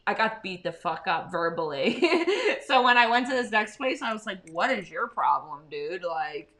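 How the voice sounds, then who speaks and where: Bright-voiced young woman telling stories. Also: mid-range voice, normal speed. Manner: profane, animated storytelling. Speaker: podcast co-host. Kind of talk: casual chat.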